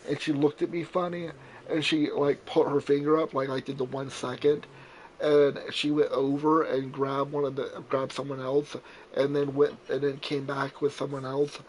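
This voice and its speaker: A man's voice: mid-range voice, level tone, normal speed, slight background noise, poor audio. A young man chatting casually while playing a survival game, rambling and repeating words, with casual swearing.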